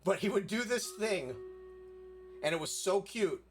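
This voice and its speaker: Young man, casual storyteller, filler-heavy and loose, voice a touch higher than average. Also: animated, measured pace. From South Florida.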